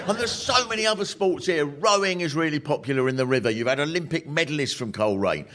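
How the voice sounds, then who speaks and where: A man doing a wry, animated stand-up comedy routine to a live audience. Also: fairly high pitch, fast. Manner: wry, animated, punchline-driven. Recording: noisy live recording with audience laughter.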